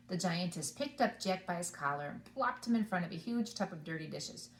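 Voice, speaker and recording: A woman preschool teacher reading a storybook to children, animated and inviting them to join in. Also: fairly low pitch, fairly quick, echoey room. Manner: animated, asks the children along.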